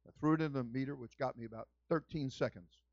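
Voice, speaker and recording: A male pastor telling folksy stories in a sermon, building to loud, shouted fervor. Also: mid-range voice, fast talker, no room sound. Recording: muffled lo-fi dry recording.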